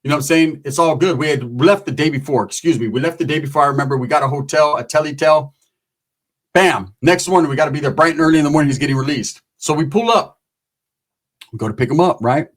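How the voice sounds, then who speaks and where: A man's voice: on the high side, quick pace. A man telling a comic story in a profane, rambling, slang-heavy way. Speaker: comedic storyteller. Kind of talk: casual comedic storytelling.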